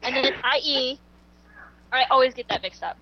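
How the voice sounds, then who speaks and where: A woman in a casual group chat, animated and giggly as she tells a story. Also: sits high, normal speed, lo-fi sound.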